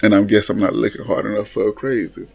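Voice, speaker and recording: A man's voice: on the low side, little pitch movement, quick pace, creaky, husky. A man hosting a casual reality TV recap, blunt and mocking, often laughing as he talks. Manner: blunt, laughs often, mocks what he watched. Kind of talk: casual commentary.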